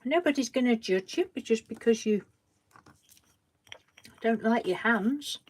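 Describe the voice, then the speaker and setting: A woman with a fairly high voice chats her way through a crafting live stream at an unhurried pace. She greets viewers by name and answers their comments from the chat. She reassures them gently, often losing her thread and starting the sentence again. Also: animated, breathy edge.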